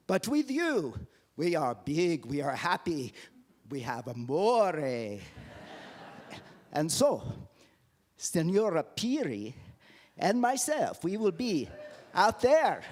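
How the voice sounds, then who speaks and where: A man's voice: on the high side, darkish tone, exaggerated voice. A man putting on a jolly Italian party host. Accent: put-on Italian. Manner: exuberant, theatrical, sprinkles Italian words. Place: church sanctuary.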